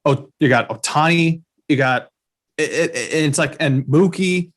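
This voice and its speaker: Young male podcast co-host, slightly high voice, enthusiastic, halting with lots of restarts. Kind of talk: casual chat.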